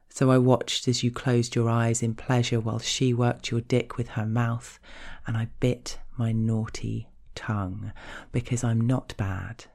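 Slow, flat-voiced woman narrating. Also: extremely low pitch, creaky. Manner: slow, measured, intimate first-person storytelling. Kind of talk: scripted erotic narration.

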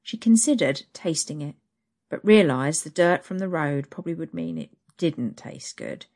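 Low-voiced woman reading an adult story. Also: expressive, normal speed, darkish tone.

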